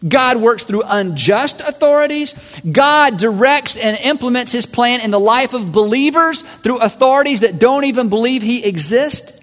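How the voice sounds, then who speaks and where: A man preaching a sermon as a pastor, animated and acting out voices of listeners and God. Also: very high-pitched, moderate pace. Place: large church hall. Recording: long hall reverb.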